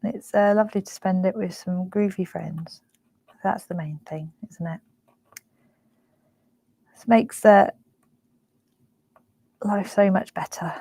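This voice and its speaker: In casual live-stream chat, a young craft show host speaks softly and emotionally, gushing and filling her talk with fillers. Her mid-range voice is creaky and husky with fairly even intonation, slow and often paused, and the audio is poor.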